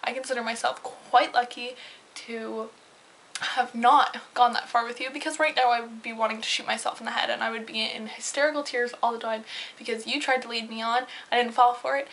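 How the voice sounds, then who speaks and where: A woman's voice: fairly high pitch, fairly even intonation, fairly quick, fairly bright tone, rough recording. A young woman talking in a casual confessional vlog, rambling and heated, with lots of fillers and swearing. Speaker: vlogger.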